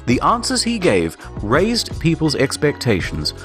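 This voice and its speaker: A man's voice: fairly high pitch, huge pitch swings, a little slow, a bit bright, faint music behind. A man narrating a comedic documentary in a dry, sardonic storytelling manner.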